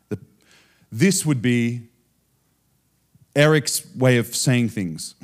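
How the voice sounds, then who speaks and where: A man with an Australian accent preaching a sermon on stage, moving between soft, chuckling asides and loud, emphatic points. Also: medium pitch, extremely slow, pauses often. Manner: animated, swinging from soft asides to loud emphasis, often laughing. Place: on stage before a congregation.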